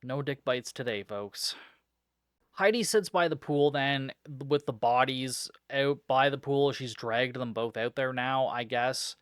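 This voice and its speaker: A man reviews a film on his podcast at a measured pace, his medium-pitched voice clean against studio-quality sound without echo. The recap is casual, sarcastic and exasperated, and he curses throughout.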